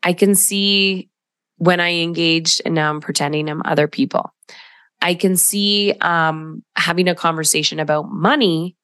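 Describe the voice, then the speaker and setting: A middle-aged woman coaching her listeners through a solo podcast, direct and emphatic, with a slightly low voice. The sound is close and dry, with no room around it. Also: fairly even intonation, measured pace, fairly bright tone, dry recording.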